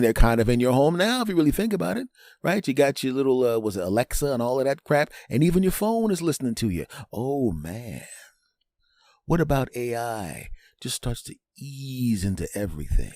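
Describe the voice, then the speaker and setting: A man hosting a show, telling a comedic monologue with animated delivery, sudden pitch jumps and frequent asides asking "right?". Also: no echo, clean studio sound. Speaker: host.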